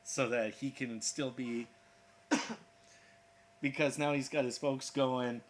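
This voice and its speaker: A man's voice: mid-range voice, steady tone, slow pace, long pauses, slight background noise. A man hosting an art livestream, joking and talking through each step of his drawing. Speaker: art streamer. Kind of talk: casual livestream commentary while drawing.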